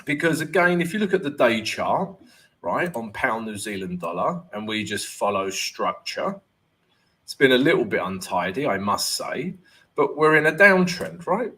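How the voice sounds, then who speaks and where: A man's voice: medium pitch, big pitch swings, moderate pace, sharp tone. A man hosting a live trading Q&A stream, chatty and joking, greeting viewers by name and dropping "right?" and "um" as he goes. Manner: fillers like "right?" and "um". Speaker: forex trading host.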